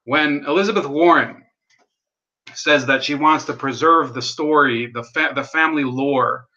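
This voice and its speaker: A man's voice: on the high side, a little slow, bright, forceful tone, muffled recording. A man hosting a political livestream, rambling and sardonic, swearing and reading out chat messages. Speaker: livestream host. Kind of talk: casual political livestream commentary.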